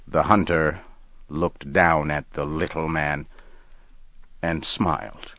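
A man reading a scripted story aloud in a slow, measured way. The recording sounds dull and lo-fi. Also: a bass voice, steady tone, no room sound.

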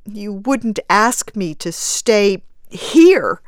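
A woman's voice: sing-song, a little slow, smooth, no room sound, studio quality. A woman reading aloud, voicing a grieving young mother dressed in black who speaks in a choked, pleading way. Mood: distraught. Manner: choked, pleading, high-strung.

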